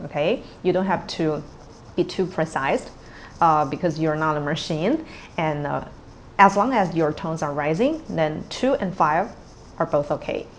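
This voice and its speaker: A woman teaching tones in a patient, unhurried way, modelling each word twice. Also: deep voice, a little hiss or hum. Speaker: Cantonese teacher. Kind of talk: tone pronunciation lesson.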